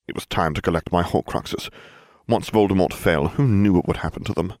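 A man reading a first-person story aloud with dry, deadpan comic delivery. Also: sits low, brisk, gravelly, dry recording. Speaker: narrator.

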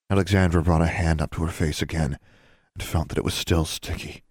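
Low, husky male audiobook narrator. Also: steady tone, fairly quick, darkish tone, dry recording, clean studio sound.

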